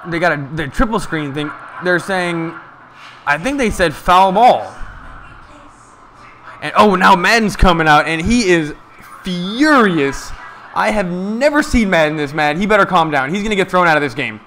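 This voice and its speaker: Bright high-voiced man doing excited play-by-play. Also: normal speed, slight background noise. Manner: excited, chatty, talks to viewers. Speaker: live game commentator. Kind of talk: casual play-by-play from a stream.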